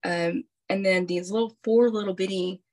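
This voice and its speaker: Woman on a podcast telling her story, emphatic, lots of restarts and fillers, middle pitch. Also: moderate pace. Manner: animated, emphatic retelling with many restarts. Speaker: podcast guest. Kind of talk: personal storytelling.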